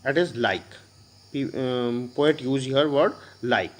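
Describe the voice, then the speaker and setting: A man with an Indian English accent teaching a poetry lesson to a class, explaining slowly with many pauses and fillers. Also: mid-range voice.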